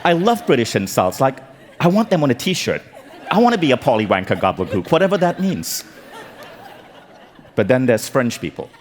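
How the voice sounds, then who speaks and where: A man from Malaysia giving a humorous motivational talk on stage, telling stories in an animated, joking way. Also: medium pitch, moderate pace, pauses often, a faint crowd. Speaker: keynote speaker. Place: large event hall. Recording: stage talk with long hall reverb.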